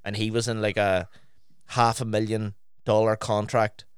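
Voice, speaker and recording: A man's voice: lowish voice, normal speed, clear, resonant tone, dry recording, clean studio sound. A man in casual podcast chat, telling stories bluntly and swearing freely. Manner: blunt, sweary, animated storytelling.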